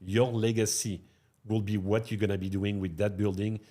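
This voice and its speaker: A French-accented middle-aged man, the restaurateur guest, tells stories at a moderate pace in a fairly low pitch during an interview. He is animated and punctuates his lines with "no?" and "huh?".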